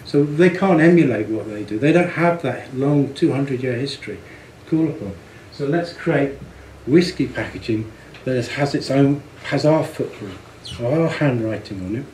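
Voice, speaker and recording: A man's voice: medium pitch, animated, moderate pace, darkish tone, roomy sound, slight background noise, rough recording. A man giving a presentation on branding, chatty and amused, often repeating words as he thinks. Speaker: speaker on branding and packaging. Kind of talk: presentation to an audience.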